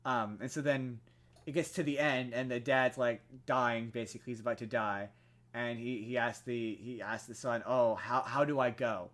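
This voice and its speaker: A young man co-hosting a podcast, telling a film story in casual chat, full of fillers and restarts and growing animated as he goes. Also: mid-range voice, moderate pace. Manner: rambling with many fillers and restarts, animated when excited. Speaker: podcast co-host.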